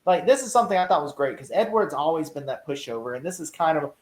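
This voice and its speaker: A man's voice: fairly high pitch, fast, few pauses. A man co-hosting a TV recap podcast, rambling in casual chat with lots of "you know" and "like.". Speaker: podcast co-host. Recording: roomy echo.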